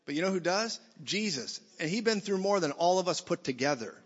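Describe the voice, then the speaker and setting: A man preaching a sermon in a church, blunt and jokey, swinging from loud to soft. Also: sits high, animated, brisk. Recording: dull sound in a reverberant hall.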